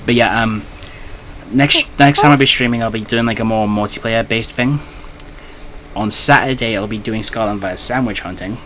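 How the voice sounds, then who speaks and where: A man's voice: lowish voice, moderate pace, fairly bright tone, a little hiss or hum. A man hosting a live multiplayer game stream, chatting casually about the match and his upcoming streams. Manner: chatty, commenting on the game while announcing his schedule. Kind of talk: casual gaming chat.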